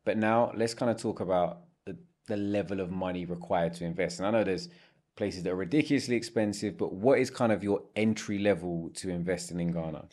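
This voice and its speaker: A man's voice: sits low, fairly quick, a little mellow. A man hosting a podcast interview who asks long, searching questions and gives frequent murmurs of agreement. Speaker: podcast host.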